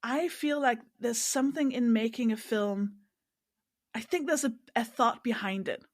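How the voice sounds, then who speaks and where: A woman's voice: fairly high pitch, normal speed, dry recording, studio quality. A woman from Denmark, a comedian guest on a podcast, telling a story in casual chat and acting out the quoted people.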